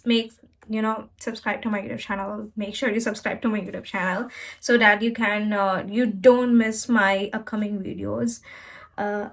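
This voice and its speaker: A slightly high-voiced woman hosts an informal English tutorial vlog, comforting her viewers while spelling out words and showing pronunciation. She often stops to correct herself mid-sentence. It's a low-quality recording.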